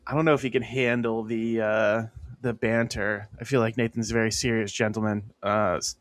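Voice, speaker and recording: A man's voice: lowish voice, flat delivery, normal speed, dry recording. Male co-host from Pennsylvania, loose rambling teller, frequent laughter, dead-dry recording. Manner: rambling storyteller, laughs often. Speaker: podcast co-host. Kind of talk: casual podcast banter.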